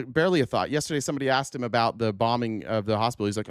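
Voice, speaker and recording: A man's voice: medium pitch, lively intonation, rapid-fire, few pauses, no room sound, clean studio sound. A man hosting a political talk show, ranting angrily and swearing, choked up at times. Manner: angry, profane ranting. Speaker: podcast host. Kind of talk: political commentary.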